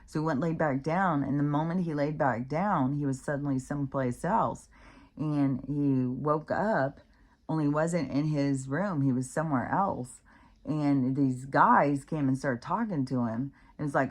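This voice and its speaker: A middle-aged woman with a low voice talks casually on her own channel. She rambles from one odd story to the next, laughing often and acting out the voices of the people in them. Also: normal speed. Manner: chatty, animated, laughs often, acts out quoted voices. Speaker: vlogger.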